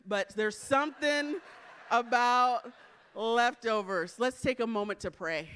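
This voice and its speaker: A woman preaching a sermon to a congregation in an animated, playful way, joking with the crowd and dropping to a soft, hushed voice in prayer. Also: medium pitch, measured pace, smooth. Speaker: church speaker.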